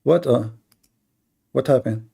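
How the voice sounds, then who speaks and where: A man hosting a live online debate, with a gravelly, husky voice. He talks in a mocking, sarcastic way, and his tone is dark and mellow. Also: medium pitch, takes it slowly. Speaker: host of a live debate stream.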